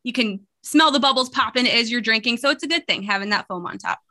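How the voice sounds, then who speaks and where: A woman's voice: a little high, expressive, fast talker, bright, forceful tone. A woman co-hosting a casual podcast, bubbly and chatty, talking over a remote call mic. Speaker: co-host.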